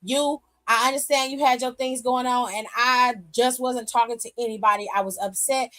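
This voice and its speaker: A woman voicing a calm, apologetic woman wrestler. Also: a little high, normal speed, close to an everyday voice.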